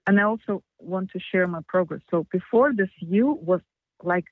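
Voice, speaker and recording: Fast, rambling woman on a tinny phone line. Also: fairly low pitch, no echo. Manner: rushed, rambling, self-critical. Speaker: coaching client. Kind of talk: call-in coaching session. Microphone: phone call.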